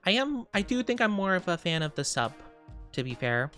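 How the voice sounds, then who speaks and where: A woman's voice: fairly low pitch, very animated, moderate pace, fairly bright tone, faint music behind. A young woman streamer chatting casually with her viewers, rambling and giggling often.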